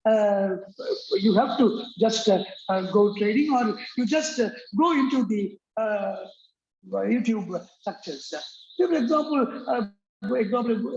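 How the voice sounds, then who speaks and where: A man teaching an English accent lesson, halting with many fillers and restarts, repeating words for drill. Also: high-pitched, expressive, a little mellow. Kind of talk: classroom-style lecture. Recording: roomy, dull lo-fi recording.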